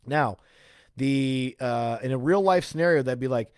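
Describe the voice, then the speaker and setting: A man's voice: mid-range voice, moderate pace, a little mellow, dry recording, studio quality. A man giving a casual self-help talk, explaining step by step and often checking in with "right?" and "okay?". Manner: casual, loose phrasing with restarts and "like".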